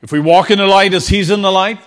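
Preaching fast in a high-pitched voice, this pastor addresses his church congregation with earnest repetition, prompting them to call back to him.

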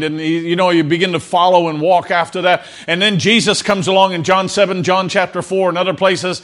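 A man's voice: high-pitched, fairly even intonation, a little fast, few pauses, a bit bright. A man preaching a sermon to his congregation, earnest and prone to repeating words, asking them to answer back. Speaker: pastor. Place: church before a congregation.

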